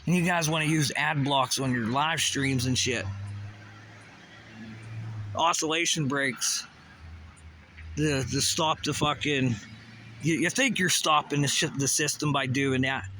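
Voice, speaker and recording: A man's voice: on the high side, unhurried, long pauses, bright, forceful tone, slight background noise. A man ranting to camera in a heated way, swearing often and firing off rhetorical questions. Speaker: vlogger. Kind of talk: profane conspiracy rant to camera.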